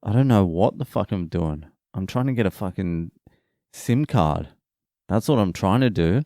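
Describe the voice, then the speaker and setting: In a loose solo podcast monologue, a young Australian man curses, rambles and cracks dry jokes while sounding half asleep. He speaks at a normal speed in a low, dark voice with lively intonation, and the recording is dry.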